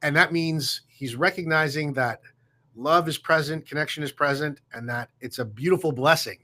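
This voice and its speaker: A man, a guest on a show, telling a story in a reflective way, with fillers and pauses. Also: a little high. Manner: warm, reflective, halting with fillers. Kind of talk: casual storytelling.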